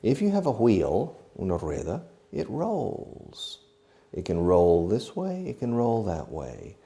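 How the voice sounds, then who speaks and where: A man's voice: lowish voice, wildly swooping pitch, slow pace, vocal fry, mellow. A man teaching English verbs, acting each one out, spelling words and repeating phrases, with asides in Spanish. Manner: switches into Spanish to explain. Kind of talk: slow demonstrative language lesson.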